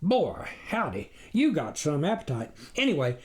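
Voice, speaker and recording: A man's voice: a little high, wildly swooping pitch, normal speed. A man voicing an easygoing farmer with a rural country drawl. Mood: wondering. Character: folksy, easygoing old farmer.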